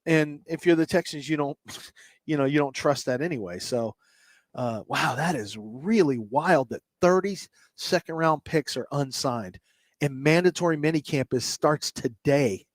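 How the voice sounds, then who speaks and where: Brief: male radio co-host, slightly high voice, dry close studio mic, rambling casual sports talk. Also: a little slow, no echo. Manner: rambling, thinks aloud with restarts.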